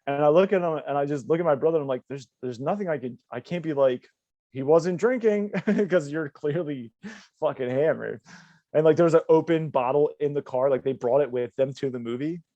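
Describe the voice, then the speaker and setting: Dark-voiced man telling rambling stories. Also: fairly high pitch, fairly quick, no echo. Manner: rambling, profane, laughing storyteller. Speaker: podcast co-host. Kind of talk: casual storytelling. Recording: dull lo-fi podcast audio.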